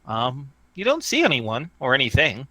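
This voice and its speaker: Lively man running a tabletop game. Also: medium pitch, moderate pace, no echo. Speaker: game master.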